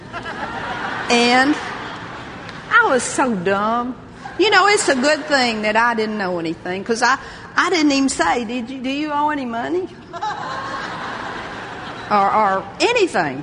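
An older woman preaching a sermon, lively, laughing often and exclaiming praise. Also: a little high, in a large hall.

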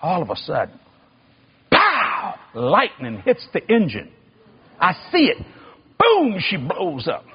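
A man preaching a sermon, telling a story with sound effects and acted-out voices, building to shouts. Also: on the high side, wildly swooping pitch, unhurried, long pauses, husky. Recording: muffled lo-fi recording.

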